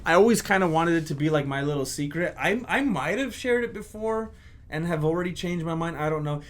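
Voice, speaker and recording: A video creator, a man, looking back on his old videos in casual reflective commentary, candid and self-critical, pausing often. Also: on the high side, lively intonation.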